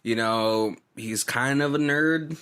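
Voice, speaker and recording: A man's voice: medium pitch, takes it slowly, a bit bright, clean tone. A man co-hosting a movie podcast, chatting casually, laughing often and restarting his sentences. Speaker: podcast co-host. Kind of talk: casual movie commentary chat.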